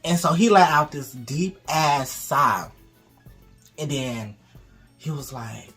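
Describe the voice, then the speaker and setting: A man's voice: mid-range voice, measured pace, soft background music. A man casually telling a dramatic story to his co-host. He swears freely, acts out what people said and laughs often. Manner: animated, profane, acts out quotes, laughs often.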